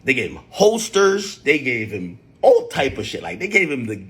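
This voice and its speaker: Animated, husky man chatting on a livestream. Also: mid-range voice, normal speed. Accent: New York. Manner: animated storytelling, with loud shouted outbursts. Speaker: livestream host. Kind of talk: casual livestream chat.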